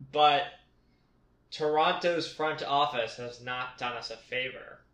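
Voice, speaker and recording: A man's voice: medium pitch, fairly bright tone. A young man hosting a casual podcast, confident and opinionated in a playful way. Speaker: podcast host. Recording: roomy echo.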